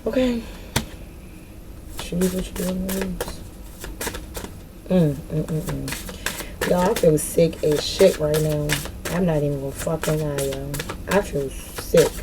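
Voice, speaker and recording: A woman's voice: deep voice, takes it slowly, long pauses, background noise. Frank, cursing woman giving a spiritual reading. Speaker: spiritual card reader.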